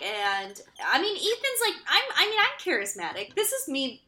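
A woman's voice: sits high, very animated, moderate pace, few pauses, bright, forceful tone. A woman co-hosting a casual book-recap podcast, chatty, laughing and casually profane. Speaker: podcast co-host.

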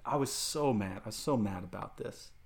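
A man's voice: on the low side, normal speed, gravelly, slightly rough. A man ranting in casual chat as a podcast co-host, stammering through restarts and mocking people in put-on voices.

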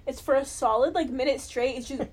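A young woman co-hosting a casual chat, telling animated stories, laughing often and swearing freely. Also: high-pitched, fairly quick. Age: young adult. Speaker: podcast co-host.

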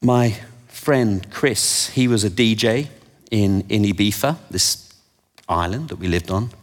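A man preaching a sermon, telling stories with animated energy and self-deprecating asides. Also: lowish voice, unhurried. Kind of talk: sermon with anecdotes. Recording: long hall reverb.

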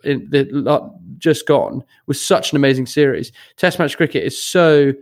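A man's voice: mid-range voice, moderate pace. A young man co-hosting a podcast, stammering and repeating words in casual chat. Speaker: podcast co-host.

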